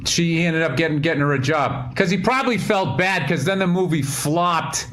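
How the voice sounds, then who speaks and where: A man's voice: a little high, moderate pace, background noise. A man on a video call talking in a reflective, rambling, profane casual chat. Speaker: podcast host.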